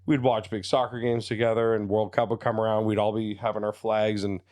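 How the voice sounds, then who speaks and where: Guy in his 30s, comedian guest, low-ish voice, super animated storyteller, dry close sound. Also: a little fast, no room sound. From Canada, Ontario. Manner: animated storyteller who slips into voices, says "you know what I mean" often. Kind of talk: casual podcast chat.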